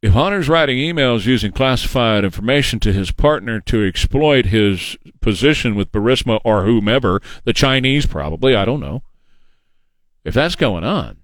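A man's voice: mid-range voice, animated, normal speed, no echo. A man hosting a political talk radio show, delivering an opinionated, emphatic and mocking monologue into a studio microphone.

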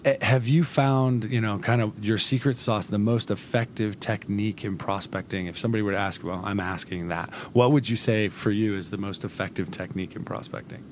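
A man's voice: fairly low pitch, steady tone, brisk, few pauses, slight background noise. A man hosting a podcast interview who asks long, rambling questions in a conversational way. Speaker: podcast host.

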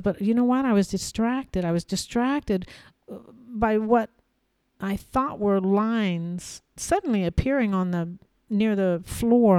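A woman hosting a podcast, telling a personal story in a measured way, pausing often and repeating phrases for emphasis. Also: mid-range voice, mellow, clean tone, no room sound. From United States. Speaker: podcast host.

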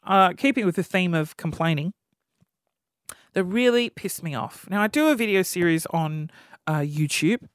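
A man in his thirties with a high voice hosts a podcast, delivering a comedic rant at a normal pace. He tells exasperated, animated stories about the things that annoy him. The recording is dry and studio quality.

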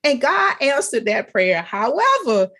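A woman in casual faith-based conversation, telling stories with lively emphasis and frequent laughter. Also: unhurried, slightly rough. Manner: animated storyteller, laughs often, pitch jumps up for emphasis.

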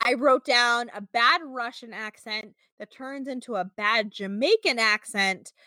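A woman's voice: a little high, a little slow, bright, forceful tone, no echo, clean studio sound. A young woman hosting a podcast, recapping episodes in a rambling, filler-heavy way and slipping into mocking voices. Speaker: podcast host. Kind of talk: casual chat recapping a show.

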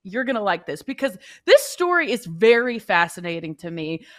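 A woman co-hosting a sports talk debate, animated and wry. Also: medium pitch, normal speed, no echo, studio quality.

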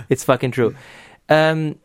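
A man's voice: medium pitch, no room sound, studio quality. A man hosting a podcast in casual chat, talking enthusiastically with many restarts and casual swearing. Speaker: podcast host.

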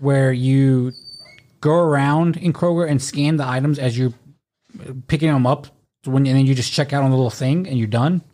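A man's voice: medium pitch, moderate pace, mellow. A young adult man in casual podcast chat, telling stories in a profane, ranting way.

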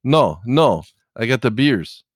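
A man's voice: mid-range voice, big pitch swings, slow, dry recording, studio quality, pitched above the performer's own voice. A man voicing a Russian male trucker with a Russian accent and broken English. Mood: insistent. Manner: broken English, insistent and exasperated. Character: gruff Russian male trucker hauling bears.

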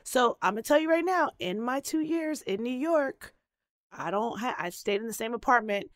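A young woman co-hosting a podcast, telling a story in a lively, profane way and laughing often. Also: on the high side, normal speed, no echo, clean studio sound. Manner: animated, profane, laughs a lot. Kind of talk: casual storytelling chat.

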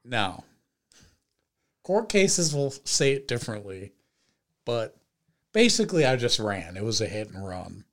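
A young man hosting a podcast, telling a story in casual chat with lots of swearing and loud acted-out quotes. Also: fairly low pitch, unhurried, long pauses. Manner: animated, profane storytelling with shouted quoted voices. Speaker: podcast host.

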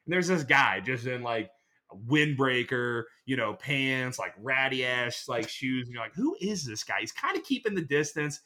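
A man in casual podcast chat, telling a rambling, animated story. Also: medium pitch, moderate pace.

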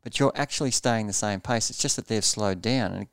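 A man's voice: lowish voice, brisk, smooth, no room sound. A man coaching triathletes in a podcast interview, explaining pace earnestly and repeating words as he thinks.

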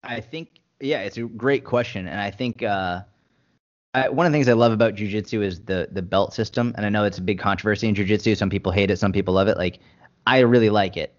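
A man's voice: fairly low pitch, fast talker. A man giving a podcast interview as a fitness and nutrition coach, talking bluntly, passionately and with frequent swearing. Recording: dull lo-fi sound.

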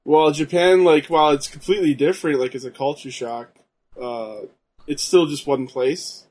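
A man's voice: a little high, fairly even intonation, normal speed, darkish tone. Laid-back young man. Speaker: co-host playing a wrestling game. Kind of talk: casual chat over gameplay.

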